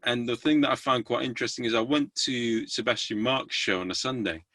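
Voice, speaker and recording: A man's voice: mid-range voice, a little fast, sharp tone, no room sound. A man hosting a podcast, chatting casually in a hesitant, rambling way with many restarts. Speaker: podcast host. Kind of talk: casual interview chat.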